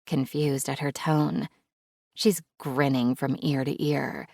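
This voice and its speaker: A woman's voice: deep voice, slow pace, creaky, darkish tone, dry recording, studio quality. A woman narrating a first-person romance audiobook in a wry, playful, intimate way.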